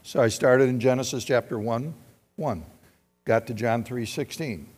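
A male pastor delivers a sermon with a middle-pitched voice, rising into loud exhortation and dropping to quiet, personal storytelling. His voice rings with a long reverb through a church sanctuary, and faint music plays underneath. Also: a little slow, slightly rough.

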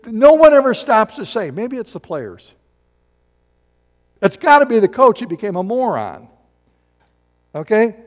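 Long hall reverb fills this recording of a middle-aged man preaching in a church sanctuary. The pastor's voice is very high-pitched and his pace normal, and he stays animated, throwing rhetorical questions to the congregation throughout his sermon.

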